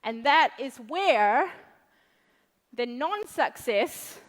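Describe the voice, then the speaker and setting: Nz woman doing a motivational stage talk, high voice, slow and sweary, lots of hall reverb. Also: expressive. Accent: New Zealand. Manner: blunt, profane and playful. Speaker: motivational speaker.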